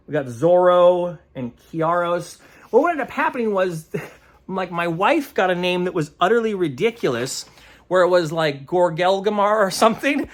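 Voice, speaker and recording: A man's voice: high voice, a bit bright. A man who runs tabletop games, recapping a session in a rambling, casual way, searching aloud for words and chuckling often. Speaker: game master.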